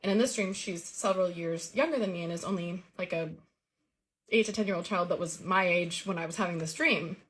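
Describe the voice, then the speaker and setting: A woman's voice: on the low side, brisk. A woman earnestly recounting a vivid personal dream story in a casual way. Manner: earnest, vivid retelling with lively quoted dialogue.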